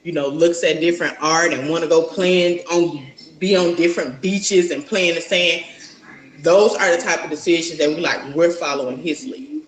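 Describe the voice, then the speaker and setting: A woman's voice: low voice, steady tone, normal speed, roomy sound, low-quality recording. A woman, a mother and interview guest, talking casually and reflectively, rambling with lots of fillers. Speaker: mother of a young son, guest.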